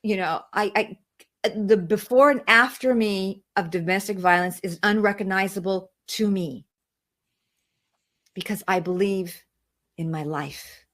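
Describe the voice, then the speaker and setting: A woman's voice: medium pitch, a little slow, fairly bright tone. Earnest woman telling her story. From outside the United States. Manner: earnest, repeats phrases for emphasis. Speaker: interview guest. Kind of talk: emotional personal testimony.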